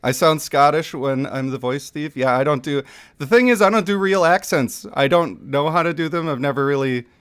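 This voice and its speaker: Playful male streamer, lively voice. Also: on the high side, moderate pace, smooth. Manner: playful, self-mocking, laughs often. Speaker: game streamer. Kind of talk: live reading of a game story.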